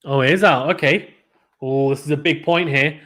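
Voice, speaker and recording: A man's voice: a little high, moderate pace, bright, forceful tone. A man commentating a live tennis watchalong stream, chatting casually and reading out viewer comments between points.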